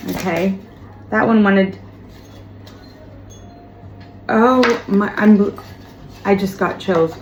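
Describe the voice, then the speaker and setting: A woman giving a tarot reading straight to the viewer, talking gently and reassuringly and repeating words for emphasis. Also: mid-range voice, slow. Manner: speaks of spiritual guidance. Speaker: tarot reader. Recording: roomy echo, faint background noise.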